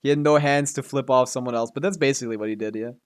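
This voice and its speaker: A man's voice: mid-range voice, racing, clean tone. A man streaming a video game, commenting casually in a rambling, joking way and laughing often.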